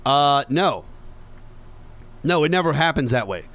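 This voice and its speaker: A man's voice: fairly high pitch, lively intonation, measured pace, fairly bright tone. A man hosting a podcast, delivering an opinionated political monologue with sarcasm and mocking asides. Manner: sarcastic, mocking impressions of others. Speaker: podcast host.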